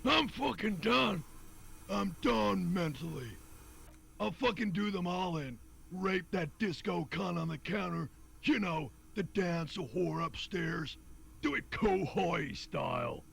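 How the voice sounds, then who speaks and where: An actor playing a crude, drunk, vicious mercenary in a video game, boastful and foul-mouthed. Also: male voice, high voice, slow, gravelly, a bit bright, slight background noise, exaggerated voice. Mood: snarling.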